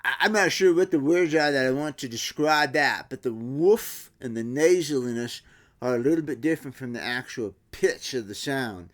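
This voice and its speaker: A middle-aged man talks through guitar tap tones in a relaxed workshop manner. He imitates the sounds with his own voice and often backs up to restart a sentence. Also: medium pitch, moderate pace. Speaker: guitar builder. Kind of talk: casual workshop explanation.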